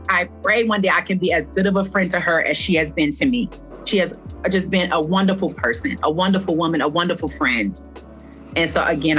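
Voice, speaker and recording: A woman's voice: lowish voice, a bit bright. A woman, a fitness instructor, speaking earnestly as a podcast guest and repeating phrases for stress. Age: adult past her twenties. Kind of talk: heartfelt podcast conversation.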